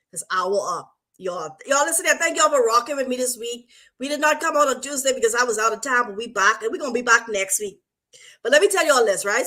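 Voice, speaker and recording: Woman, host, marriage coach, high pitch, bright voice, animated casual talk. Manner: animated, repeats "right?" and "y'all" often.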